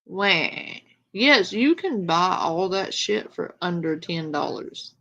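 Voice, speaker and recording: Slow-talking dismissive woman, lo-fi audio. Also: fairly low pitch, lively intonation, fairly bright tone. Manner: dismissive and sarcastic. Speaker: online content creator. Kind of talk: casual talk to camera. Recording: dull lo-fi clip audio.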